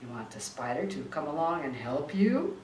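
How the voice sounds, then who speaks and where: A woman reading aloud, voicing a brash, smooth-talking male mob crony with a streetwise drawl, recorded at a distance in a roomy space. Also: sits low, sing-song, moderate pace, a little mellow, a little hiss or hum. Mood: coaxing. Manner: streetwise drawl, calls her baby girl. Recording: roomy room, distant mic.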